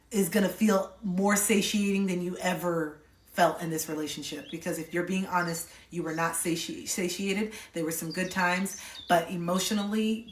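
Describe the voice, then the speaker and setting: A woman's voice: on the low side, roomy sound, recorded from a distance. A woman giving a live tarot reading to viewers. She sounds intimate and reassuring, repeats her key phrases and keeps checking in with "okay?". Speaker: tarot reader.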